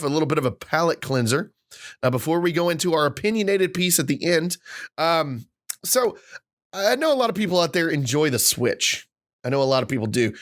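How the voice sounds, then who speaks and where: Guy in his 30s ranting on a podcast, kinda high voice that swings all over, acts out the quotes. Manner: animated storyteller, acts out quotes. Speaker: podcast co-host. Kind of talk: casual podcast rant.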